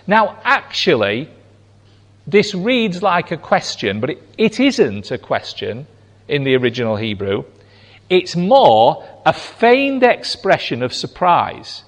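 Slow, lively preacher in a hall. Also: male voice. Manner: slow and emphatic, voicing quotes with animated pitch swings. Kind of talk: sermon. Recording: long hall reverb.

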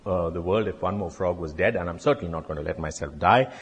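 A man's voice: low voice, quick pace, slight background noise. A man voicing a plucky, determined male frog who refuses to drown, speaking resolutely in a storytelling sermon. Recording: long reverb in a hall.

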